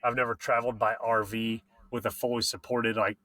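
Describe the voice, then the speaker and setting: Bright-voiced excited bike-racing podcast host man. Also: medium pitch, fairly quick, dry recording. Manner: excited, slangy, swears freely. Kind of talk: casual podcast chat.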